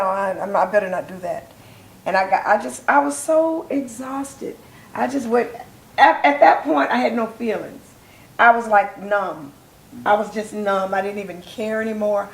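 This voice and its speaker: A woman's voice: a little high, vocal fry. An older woman, a soul singer, telling her life story as an interview guest, acting out the voices of people in it. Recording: echoey room, faint noise.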